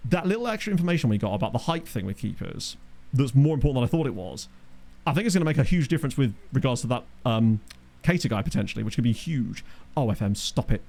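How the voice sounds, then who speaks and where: A man's voice: mid-range voice, sing-song, fast, gravelly, darkish tone. A man talks through a football management game on a live stream, rambling and cracking jokes at his chat. His voice sits in a middle register but swings up and down a lot as he reacts. He speaks into a desk microphone. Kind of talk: casual live-stream commentary.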